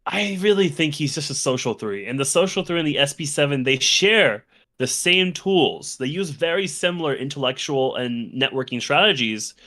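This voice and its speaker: A man's voice: fairly high pitch, lively intonation, normal speed, sharp tone. A man co-hosting a podcast, talking through his analysis in an easy, agreeable way. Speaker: podcast co-host. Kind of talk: casual discussion.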